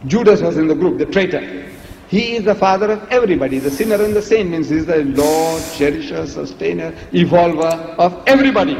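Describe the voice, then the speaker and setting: A man giving an emphatic public lecture, asking rhetorical questions with a lively, teasing delivery, heard on an archive recording. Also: a little high, brisk, slight background noise. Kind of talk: public lecture played in a reaction video. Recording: echoey hall, dull lo-fi archive recording.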